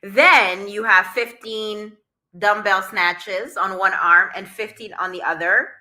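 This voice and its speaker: A woman's voice: mid-range voice, fairly even intonation, slow pace, sharp tone. A young woman hosting a casual live stream, chatting to viewers and greeting them by name, still out of breath after a workout. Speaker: social media coach and live-stream host.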